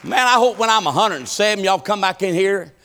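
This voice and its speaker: A preacher in his fifties with a notably high voice for a man. He delivers a rhythmic church sermon that rises to shouted appeals and drops to quiet, folksy asides. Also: expressive, fairly quick, some chatter behind, slight background noise. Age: 50s. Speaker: pastor.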